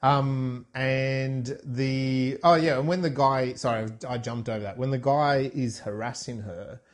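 A man's voice: medium pitch, fairly even intonation, unhurried. A man co-hosting a casual podcast, recapping film scenes in a rambling, self-correcting way. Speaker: podcast co-host reviewing a film. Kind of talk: casual chat.

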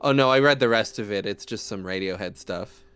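A man's voice: fairly low pitch, a little fast, fairly bright tone, faint music behind. A man chatting casually and joking with a friend while streaming a game, cursing often. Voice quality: joking, swears freely.

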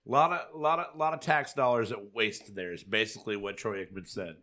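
Casual podcast host, male, bright tone, animated and profane. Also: fairly low pitch, fairly quick. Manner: animated, swearing freely. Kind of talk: casual chat.

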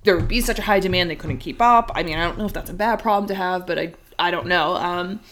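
A woman co-hosting a podcast in casual, chatty talk, quick to laugh and full of "like.". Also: on the low side, fairly bright tone, a little hiss or hum. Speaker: podcast co-host. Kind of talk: casual chat.

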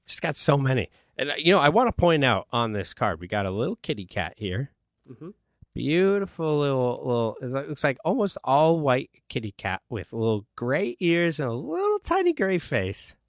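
A man co-hosting a casual comedic podcast, joking around, animated and swearing often. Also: medium pitch, normal speed, no echo, clean studio sound. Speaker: podcast co-host.

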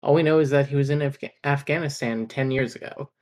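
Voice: quick pace, darkish tone. A podcast co-host chatting casually about a book, ranting, swearing and laughing. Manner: swears freely, ranting and laughing, mid-pitch.

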